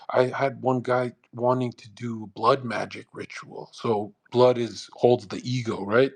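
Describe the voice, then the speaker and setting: A brash man hosting a live audio chat, talking fast and profanely and mocking others with put-on voices. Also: medium pitch, fairly even intonation. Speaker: host of a live audio space.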